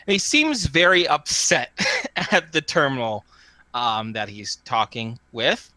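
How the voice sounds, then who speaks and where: Animated man running a tabletop game, bright voice, dry close mic. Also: medium pitch, a little slow, no room sound. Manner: rambling, with fillers and restarts. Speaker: game master.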